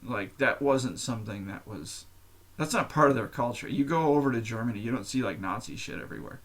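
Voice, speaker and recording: A man's voice: mid-range voice, brisk, a bit bright. Rambling, profane man. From United States. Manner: rambling, profane, laughing at himself. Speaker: podcast host. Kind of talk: unscripted casual monologue.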